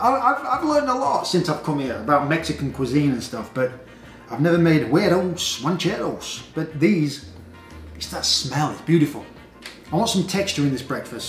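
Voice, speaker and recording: Brief: upbeat Yorkshire cook, a touch high-pitched, roomy kitchen sound. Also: male voice. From Yorkshire, England. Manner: chatty and upbeat, talking through each step. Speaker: chef and cooking show host. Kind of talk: casual cooking video narration. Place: home kitchen. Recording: echoey kitchen with faint music. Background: faint background music.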